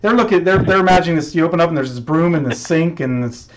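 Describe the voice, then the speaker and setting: A man hosting a podcast interview, talking in a lively, chatty way and often restarting his sentences. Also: fairly high pitch, quick pace. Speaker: podcast host. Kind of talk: casual interview talk. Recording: dull lo-fi sound.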